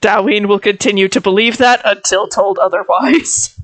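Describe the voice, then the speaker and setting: A woman player in a tabletop game, chatting casually and making dry, unhurried jokes. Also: mid-range voice, steady tone.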